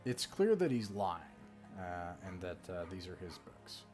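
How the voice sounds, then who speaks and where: A man's voice: low-pitched, unhurried, soft background music. A man narrating casually as game master of a tabletop game. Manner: relaxed, casual narration with fillers.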